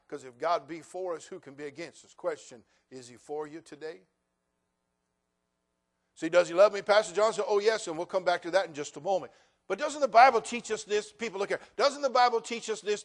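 An older male pastor with a notably high voice, telling homey stories with playful jabs at the crowd. He swings from quiet, easy banter to loud, emphatic preaching. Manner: folksy, joking asides, building to emphatic preaching. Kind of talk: sermon.

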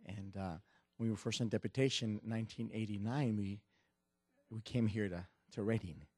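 A middle-aged man, a visiting missionary preaching a sermon, halting with many restarts. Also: lowish voice, fairly even intonation, slightly rough, no echo, studio quality. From Mexico. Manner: warm, halting with restarts, building to loud preaching. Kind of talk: sermon with joke and scripture reading.

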